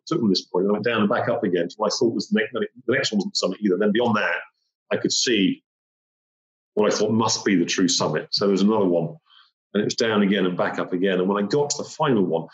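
A man tells a gripping personal story at a rapid clip. His voice sits a little low, and he repeats phrases and acts out key moments. The recording sounds roomy and slightly muffled.

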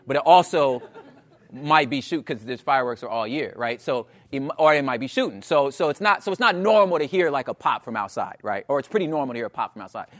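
A man with a Los Angeles accent doing stand-up, telling a story to the crowd and acting out the voices. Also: mid-range voice. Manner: animated, talks to the crowd, acts out voices. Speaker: stand-up comedian.

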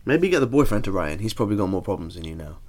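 A man's voice: lowish voice, big pitch swings, rapid-fire. A man co-hosting a comedy advice podcast, sarcastic and swearing freely, with a sore throat. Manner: sarcastic, swearing, reads letters aloud. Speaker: podcast co-host reading letters. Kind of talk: casual comedic advice chat.

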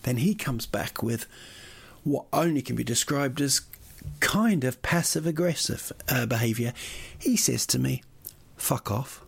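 A man's voice: medium pitch, lively intonation, a little slow, vocal fry, husky. A man, a comedian, telling a rambling, sweary comic story that keeps getting more worked up.

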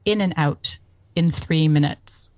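A woman reading aloud in a mock-solemn storybook narrator voice, slow and stately. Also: deep voice, darkish tone, no room sound, low-quality recording.

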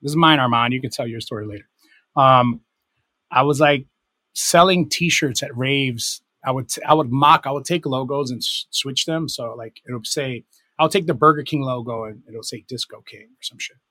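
A man's voice: medium pitch, normal speed, pushed and bright, no room sound. A middle-aged man, a DJ and producer, telling rambling, self-correcting stories in a casual interview. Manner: rambling, self-correcting anecdotes with many fillers. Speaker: guest, DJ and producer.

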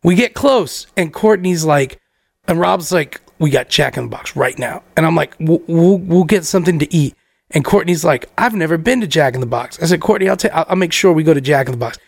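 Gravelly high-voiced man telling stories. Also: brisk, no echo. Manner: animated, profane, acts out friends' lines. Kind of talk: casual storytelling.

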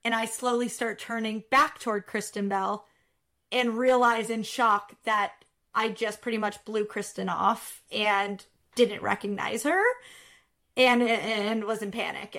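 A woman telling a work story in a casual interview, animated and acting out what people said. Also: mid-range voice, gravelly. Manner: animated, acts out quotes, laughs while telling. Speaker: production supervisor, guest.

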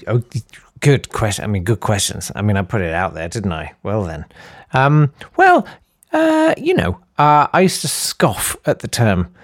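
A man's voice: mid-range voice, fairly bright tone, dry recording, clean studio sound. A man hosting a comedy podcast, rambling and self-deprecating with many fillers. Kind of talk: casual comic monologue.

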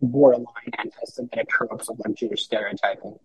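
A man's voice: mid-range voice, brisk, slightly rough, no room sound, poor audio. A man talking as a podcast guest in casual chat, rambling with lots of fillers and restarts.

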